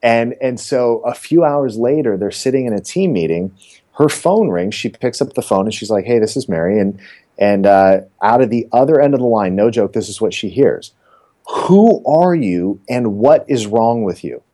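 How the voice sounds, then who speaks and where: Low, mellow-voiced man telling stories. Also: moderate pace. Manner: animated storyteller acting out quotes. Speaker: real estate coach. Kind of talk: casual podcast chat.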